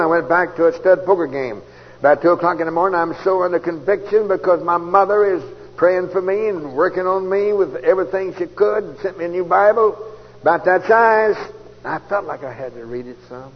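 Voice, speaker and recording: A man telling his conversion story as a sermon, folksy and storytelling, jumping from loud outbursts to hushed asides. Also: on the high side, brisk. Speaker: preacher giving testimony. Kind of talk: testimony sermon. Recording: dull old tape recording in a large hall, faint hiss.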